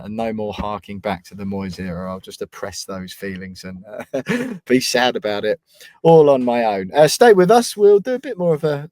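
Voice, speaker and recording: A man's voice: mid-range voice, a little mellow, no room sound. A man hosting a football podcast in a chatty, self-mocking way. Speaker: podcast host. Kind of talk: casual podcast chat.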